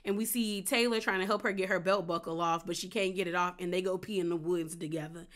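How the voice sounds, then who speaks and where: A woman's voice: on the low side, fairly even intonation, fast, fairly bright tone. A woman giving a casual, sassy recap of a reality show, chatty and playful. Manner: chatty and sassy, acts out quotes with gasps and laughs.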